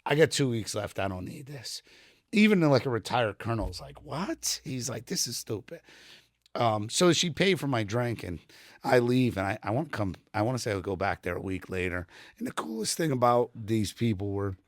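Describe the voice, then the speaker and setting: A man's voice: mid-range voice, dry recording, clean studio sound. Middle-aged man telling army stories. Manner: rambling anecdotes with many fillers, quoting others. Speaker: podcast guest, retired Army sergeant first class. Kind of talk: casual storytelling chat. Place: podcast studio room.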